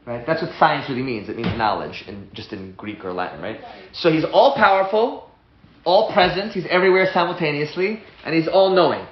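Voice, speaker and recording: A man teaching a lively class as a rabbi at a whiteboard, excitable and often stopping to restart his sentences. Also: on the high side, a little fast, roomy sound, lo-fi sound, slight background noise. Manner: excitable, self-interrupting, stumbles over restarts.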